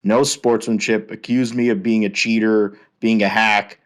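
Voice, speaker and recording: Give me a male podcast host ranting heatedly and cursing freely, with a fairly low voice. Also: flat delivery, moderate pace. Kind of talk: casual ranting chat.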